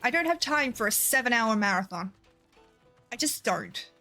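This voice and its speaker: A woman's voice: on the high side, expressive, moderate pace, pushed and bright, faint music behind. A woman streaming a game, chatting casually, swearing freely and laughing often. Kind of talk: casual gameplay chat.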